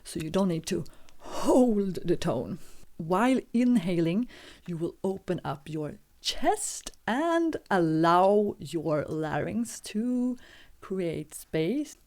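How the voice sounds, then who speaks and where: A woman teaching singing, walking through a vocal warm-up with calm, patient step-by-step instructions. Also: lowish voice, slow.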